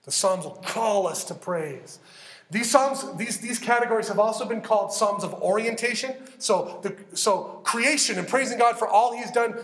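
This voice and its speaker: A man preaching a sermon, animated and conversational, acting out heartfelt prayers as he teaches. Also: sits high, normal speed, reverberant. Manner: animated, acts out prayers in character. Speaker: pastor.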